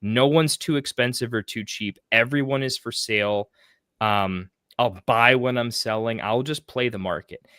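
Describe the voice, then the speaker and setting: A man in casual podcast chat about fantasy football, rambling and excitable, with frequent restarts and casual swearing. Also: medium pitch, normal speed, clean tone, dry recording, clean studio sound.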